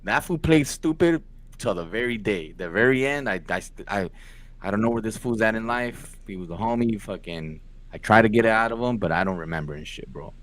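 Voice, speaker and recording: A young man co-hosts a podcast, telling a story in casual chat with slangy, profane language. His voice is lowish, brisk, and a bit bright.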